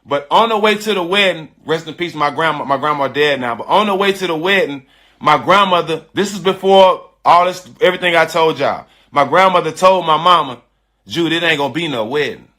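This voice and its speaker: A middle-aged man telling a personal story in casual, animated talk, emotional and profane. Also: on the high side, a little fast. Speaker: storyteller guest.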